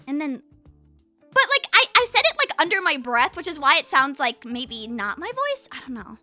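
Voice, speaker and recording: A young woman streaming at home, chatting casually with her chat into a condenser mic, her voice swinging from high and excited to low and quiet. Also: normal speed, no echo, soft background music.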